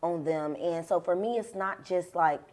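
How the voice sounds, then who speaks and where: A young adult woman speaking on a panel, emphatic and animated, laughing as she makes her points. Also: on the low side, normal speed. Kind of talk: candid panel discussion.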